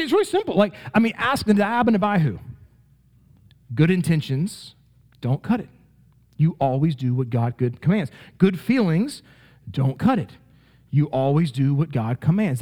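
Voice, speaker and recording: A man's voice: on the high side, mellow. A man teaching a Bible study lesson with slides, talking emphatically and conversationally, often asking "right?".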